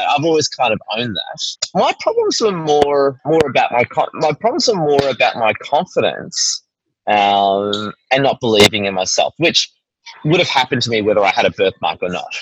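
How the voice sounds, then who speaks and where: A man's voice: mid-range voice, big pitch swings, moderate pace, muffled recording, slight background noise. An Australian man chatting as an interview guest, rambling and often tagging his points with "right?". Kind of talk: casual interview chat.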